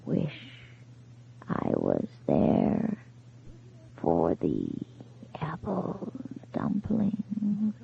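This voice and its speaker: A narrator voicing a dead husband's faint, whispery, vibrating voice on a telephone, slow and fading. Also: medium pitch, gravelly, a little hiss or hum. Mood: eerie whisper. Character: ghostly dead husband whispering over a phone. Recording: tinny phone-like sound.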